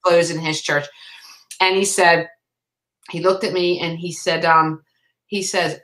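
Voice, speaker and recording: A woman guest author sharing an emotional faith testimony in a halting, restarting way. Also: lowish voice, level tone, fairly bright tone, rough recording.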